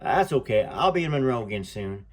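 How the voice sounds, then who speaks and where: A man's voice: mid-range voice, big pitch swings, brisk. A man reading the lines of an eager eighteen-year-old boy singer in an upbeat storybook manner.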